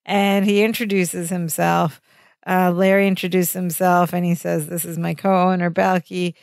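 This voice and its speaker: A woman's voice: lowish voice, little pitch movement, measured pace, vocal fry, a little mellow, dry recording, clean studio sound. Chatty woman retelling a sitcom scene. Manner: chatty, quotes characters, lots of "like". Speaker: podcast co-host. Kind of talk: casual recap chat.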